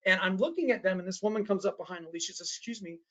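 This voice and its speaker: A man's voice: high voice, very fast, a bit bright, poor audio. Man telling a story in a workshop talk. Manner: storytelling, frequent "uh, uh" and tag questions "right?". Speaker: workshop speaker. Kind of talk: anecdotal presentation to an audience.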